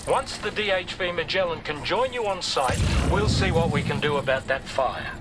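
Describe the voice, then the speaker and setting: A man's voice: fairly high pitch, normal speed, close to an everyday voice. An actor playing an urgent male radio dispatcher, giving clipped orders in video game dialogue. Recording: game audio under loud noise.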